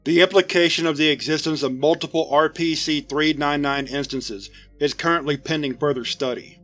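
Casting: male narrator, fairly high voice, steady report read over faint music. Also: normal speed. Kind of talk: scripted narration of a horror report.

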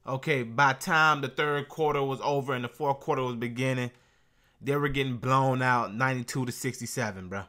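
A man's voice: mid-range voice, fairly quick, bright, forceful tone. A young man hosting a reaction vlog, ranting in brash slang and peppering every line with bro and man. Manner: brash slangy trash talk, keeps saying bro and man. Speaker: YouTube reaction host. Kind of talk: casual reaction vlog rant.

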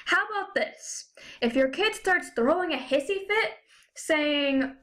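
Sarcastic high-voiced young woman ranting. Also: lively intonation, measured pace, a bit bright. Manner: frequent fillers like "you know" and "like". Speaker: vlogger. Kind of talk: ranting casual vlog.

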